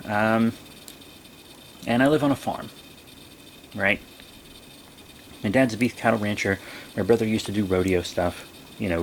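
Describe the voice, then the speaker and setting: A young vlogger tells a rambling story in a casual manner, now and then bursting into high, excited exclamations. There's a little hiss or hum in the recording.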